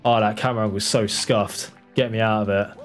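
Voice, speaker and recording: A man's voice: lowish voice, moderate pace, soft background music. A man livestreaming a game speedrun, chatting to his viewers and urging his character on, swearing when tense. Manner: excitable, swears, talks to the game character and chat. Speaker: speedrun streamer. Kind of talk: live gameplay commentary.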